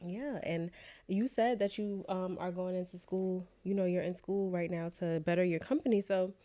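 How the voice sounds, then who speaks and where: A woman from New York with a New York accent, co-hosting a podcast in casual, animated, slangy chat. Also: on the low side, normal speed. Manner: chatty, animated storyteller with slang. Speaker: podcast co-host. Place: lives in Atlanta.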